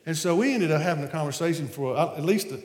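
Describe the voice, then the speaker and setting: A man with a Southern American accent tells a story on stage, animated and quick to laugh. His voice sits a little high for a man. It rings out through a large hall with long, echoing reverb. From Southern United States. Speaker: speaker on stage. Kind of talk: storytelling talk to an audience.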